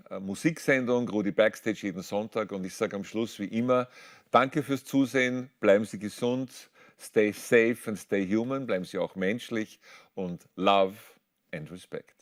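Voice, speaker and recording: A man, a German speaker, hosting a talk show and courteously closing the interview. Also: fairly low pitch. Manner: formal, courteous thanks. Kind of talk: interview sign-off.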